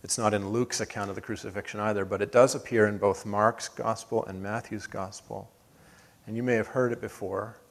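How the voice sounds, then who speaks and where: Male pastor, lower pitch, earnest sermon delivery with rising emphatic swells and soft drops. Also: steady tone, brisk, vocal fry. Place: church sanctuary.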